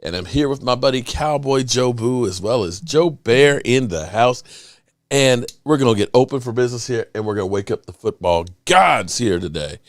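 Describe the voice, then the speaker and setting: A middle-aged man hosts a loose, rambling sports talk show and greets viewers by name. His pitch swings around a lot as he talks. The sound is dry and close, with no room echo. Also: expressive, normal speed. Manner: rambling, chatty, with shout-outs to viewers. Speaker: podcast host. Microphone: desk microphone.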